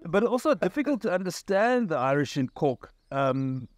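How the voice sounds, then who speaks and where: Man, South African accent, comic interviewer, wry mock-serious tone, higher voice, dry close recording. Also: sing-song, normal speed, no echo. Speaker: host, comedian.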